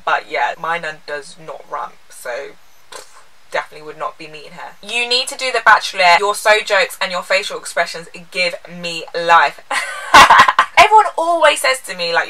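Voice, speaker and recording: A woman's voice: mid-range voice, big pitch swings, moderate pace, pushed and bright, distant mic, rough recording. A young woman, chatting candidly and playfully as she answers viewer questions in a vlog. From England. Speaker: lifestyle vlogger. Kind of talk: casual Q&A vlog.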